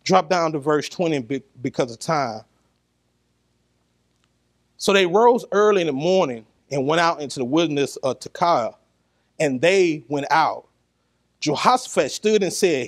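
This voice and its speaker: A man preaching a sermon, animated and lively, laughing and calling the congregation to answer back. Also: fairly high pitch, a little slow, pauses often.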